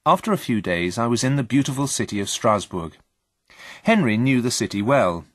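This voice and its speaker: A man reading a story aloud in a slow, plain and steady way. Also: medium pitch, no echo, clean studio sound. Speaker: reader. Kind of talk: scripted story narration.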